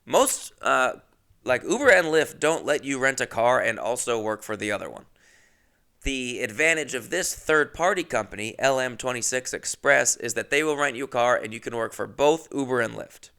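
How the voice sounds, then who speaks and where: A man spins a rambling comic story in a gravelly voice with frequent fry. His tone is bright and crisp, and his talk is loose, profane and self-mocking. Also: medium pitch, expressive, normal speed. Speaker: podcast host.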